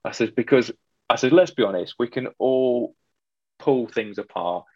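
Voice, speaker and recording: A man's voice: medium pitch, normal speed, mellow, no echo, lo-fi sound. A man working as an electrician tells a work story in casual chat, acting out both sides of the dialogue.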